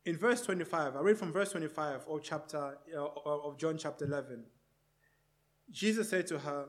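A male preacher delivering a sermon, posing repeated rhetorical questions and moving between loud, emphatic passages and hushed ones. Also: a little high, moderate pace.

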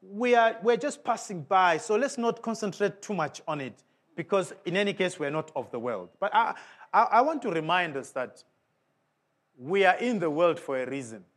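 A man's voice: lively intonation, moderate pace. A man preaching a sermon in an emphatic way, often putting questions to the congregation. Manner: emphatic, with big swings of pitch and volume.

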